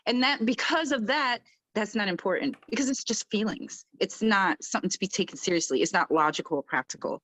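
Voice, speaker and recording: A woman who is a military veteran, speaking on a round-table panel in an emphatic, animated way, acting out quotes and laughing often. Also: fairly high pitch, fairly quick, no room sound. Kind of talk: casual round-table chat.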